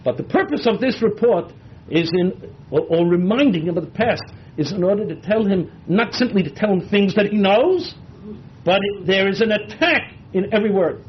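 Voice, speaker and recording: A male Torah teacher lecturing with real passion, his voice sitting fairly high for a man. He mixes Hebrew and Yiddish words into his English. The recording is dull and lo-fi, with a faint hiss under it. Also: expressive, moderate pace. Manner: impassioned, dramatizing the text. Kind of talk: Bible class lecture.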